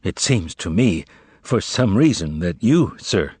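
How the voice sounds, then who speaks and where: A man's voice: low voice, very animated, a little slow, darkish tone, breathy edge, dry recording, heavily acted. A man voicing a weary, timid male writer who speaks hesitantly and tenderly.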